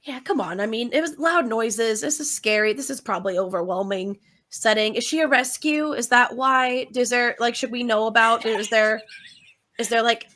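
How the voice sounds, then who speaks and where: A woman's voice: on the high side, moderate pace, a bit bright, natural voice. A woman voicing a friendly young man asking about a rescue puppy, rambling and tripping over his questions. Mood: concerned.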